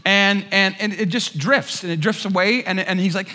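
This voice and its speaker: Brief: animated male pastor, high bright voice, storytelling sermon in a reverberant church. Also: brisk, hardly any pauses. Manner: animated storyteller, acts out quotes with shouts. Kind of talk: sermon with a humorous personal story. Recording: long hall reverb.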